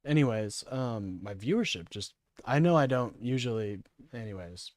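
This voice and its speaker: A man streaming live, reacting to a political clip with profane, sarcastic rants that drop into low mumbling. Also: lively intonation, moderate pace, darkish tone, no echo, studio quality.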